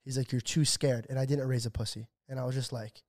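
A man's voice: medium pitch, steady tone, quick pace, a little mellow. A young man in his twenties on a casual podcast, telling a story with a lot of swearing and acting out what others said. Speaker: podcast co-host.

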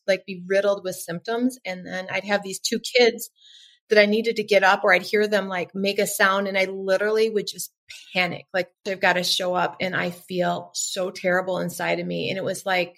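A middle-aged woman speaks as a podcast guest in casual conversation, her pitch sitting in a middle range. She tells her story earnestly and often slips into acting out what she used to think. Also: a bit bright. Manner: earnest storytelling, acts out her own past thoughts. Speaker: podcast guest, nervous system coach. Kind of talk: casual interview chat.

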